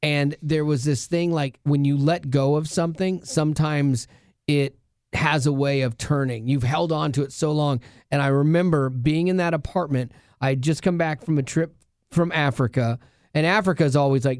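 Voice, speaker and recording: Earnest, higher-pitched man telling a story. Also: steady tone, moderate pace, a little mellow, clean tone, no echo, studio quality. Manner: earnest storytelling with many restarts. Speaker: radio show co-host. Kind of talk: casual podcast chat.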